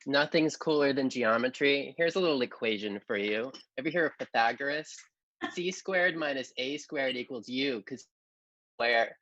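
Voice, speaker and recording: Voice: medium pitch, normal speed, fairly bright tone, no echo, muffled recording. A person with a Southern US accent in a comedy debate, playful, laughing and trailing off. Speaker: debate contestant. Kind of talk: comic debate banter.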